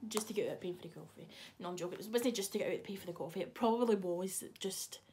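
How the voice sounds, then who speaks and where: A woman's voice: mid-range voice, quick pace, hardly any pauses, darkish tone, slight background noise. A young woman, chatting casually to camera in a vlog, swearing freely and teasing someone off camera. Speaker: vlogger. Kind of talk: casual chat.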